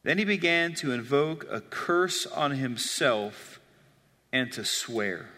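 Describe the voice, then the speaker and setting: A man's voice: medium pitch, expressive, takes it slowly, sharp tone, in a large hall. A man preaching a sermon, reading scripture aloud and explaining it expressively. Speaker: pastor.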